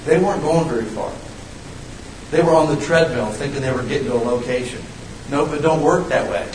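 A man in his fifties preaching a sermon as pastor, folksy and animated, with sudden shouted bursts. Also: medium pitch, fairly quick, slight background noise. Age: 50s. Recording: echoey room, voice from a distance.

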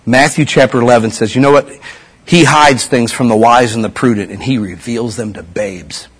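Folksy husky-voiced man preaching. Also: mid-range voice. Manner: folksy, slangy preaching with repeated "you know" and "man". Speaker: pastor. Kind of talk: casual sermon.

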